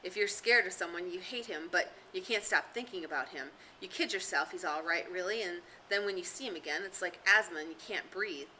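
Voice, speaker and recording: A woman voicing an anxious, fussy schoolboy with glasses who pleads and frets, his voice rising toward a squeak. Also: a little fast, few pauses, pushed and bright, slight background noise, rough recording. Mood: earnest.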